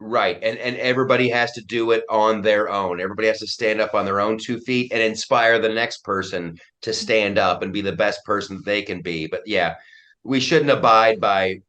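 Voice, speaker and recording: A man's voice: on the low side, normal speed, a bit bright. A middle-aged man speaking emphatically in a casual interview chat, often restarting his sentences. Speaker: guest comedian and commentator.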